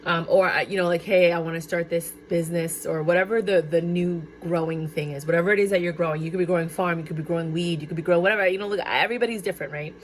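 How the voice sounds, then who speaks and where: Excitable woman reading tarot. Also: on the low side, quick pace, hardly any pauses, slight background noise. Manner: excitable, chatty, exclaims and laughs often. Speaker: tarot reader. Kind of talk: casual tarot card reading.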